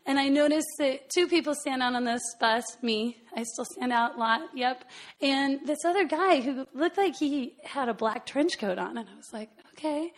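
A woman telling a personal story in an animated way, often laughing between phrases. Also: high-pitched, normal speed. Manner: animated, laughs often, lots of fillers and asides.

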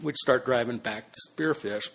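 Older guy spinning a yarn, gets quiet then loud, curses casually, plain middle voice. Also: mid-range voice, moderate pace, vocal fry. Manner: animated, swings between hushed and loud, swears casually. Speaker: storyteller. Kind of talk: spoken personal anecdote.

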